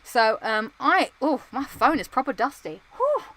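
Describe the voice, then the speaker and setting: A woman's voice: high-pitched, sing-song, measured pace, pushed and bright. A woman hosting a casual livestream chat show, rambling and chatty with a self-deprecating streak, talking indoors under lights. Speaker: livestream host.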